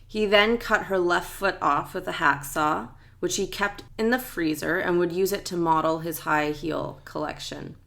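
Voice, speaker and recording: A woman's voice: lowish voice, moderate pace, creaky, hardly any pauses, fairly bright tone. A woman co-hosting a true crime podcast, reading the case facts steadily from her notes. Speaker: podcast co-host.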